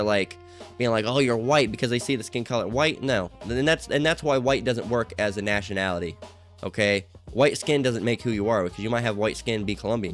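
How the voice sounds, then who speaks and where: Rambling low-voiced man with faint guitar. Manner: rambling, full of fillers and profanity. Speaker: online commentator. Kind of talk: casual commentary reading out comments.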